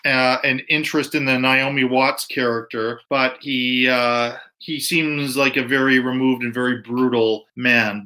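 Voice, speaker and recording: Bright-voiced male podcast host. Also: medium pitch. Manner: detailed plot recap with frequent restarts. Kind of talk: casual movie review chat.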